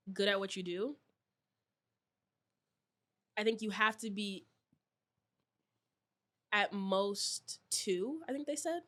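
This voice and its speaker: Young woman telling a lively story. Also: fairly high pitch. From New York. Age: 20s. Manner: chatty, many fillers, animated retelling. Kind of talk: casual chat, storytelling.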